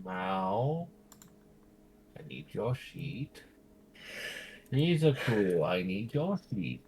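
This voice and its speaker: A game master runs a tabletop game in an unhurried way, with a voice that rises and falls a great deal. The talk is loose and casual, with frequent laughs. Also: sits low, sing-song, darkish tone, slight background noise.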